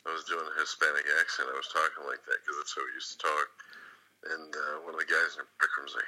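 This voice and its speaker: Very deep raspy man, laid-back. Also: fairly even intonation, fast, pushed and bright, poor audio. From Los Angeles area. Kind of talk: casual conversation.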